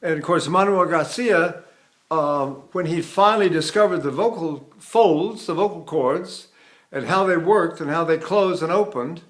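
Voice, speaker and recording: Older male voice teacher, high speaking voice. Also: measured pace. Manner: explanatory, digressive, with restarts. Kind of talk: vocal technique lesson with sung demonstrations.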